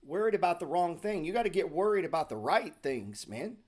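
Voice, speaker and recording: Middle-aged male host, slightly higher voice, blunt, profane, sarcastic, unscripted market chat. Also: lively intonation, brisk, a little mellow. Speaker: stock market show host. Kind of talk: casual livestream talk.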